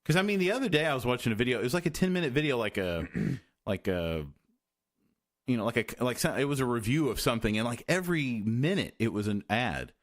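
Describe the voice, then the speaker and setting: A man hosting a podcast in casual chat, rambling and halting with lots of fillers and restarts. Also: medium pitch, lively intonation. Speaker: podcast host.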